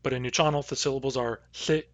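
A man teaching a language lesson, saying each word slowly and carefully, then repeating it. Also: mid-range voice, steady tone, lo-fi sound. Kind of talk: vocabulary pronunciation lesson.

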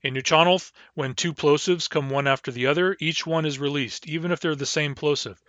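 A man's voice: fairly high pitch, fairly even intonation, a bit bright, no room sound. Man teaching vocabulary, dry lo-fi sound. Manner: measured, spells out and repeats each word slowly. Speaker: language teacher. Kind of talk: recorded language lesson.

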